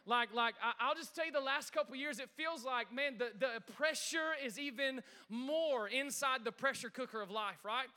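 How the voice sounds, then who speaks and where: A man preaching to a church congregation, lively and chatty, often calling on the room to respond. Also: very high-pitched, moderate pace, few pauses, clear, resonant tone. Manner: energetic, engages congregation with call-outs. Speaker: pastor. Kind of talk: sermon.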